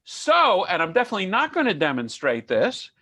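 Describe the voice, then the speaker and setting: Man, online lecturer, conversational, digressive, joking, slightly high voice, gravelly. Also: wildly swooping pitch, fairly quick, sharp tone, no room sound. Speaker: lecturer on Jewish myths.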